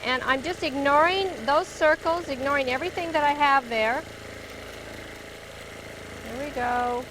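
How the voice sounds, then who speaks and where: A woman with a slightly raised pitch walks through a quilting demonstration step by step. She talks chattily as she works. A longarm sewing machine hums clearly under her voice in the studio. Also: measured pace. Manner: chatty, narrating each step as she stitches. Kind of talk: hands-on demonstration. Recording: steady machine noise behind the voice. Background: longarm sewing machine hum.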